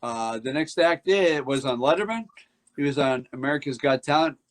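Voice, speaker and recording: A man's voice: mid-range voice, expressive, normal speed. A man hosting a variety show, bringing on acts with chatty, jokey introductions. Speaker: show host.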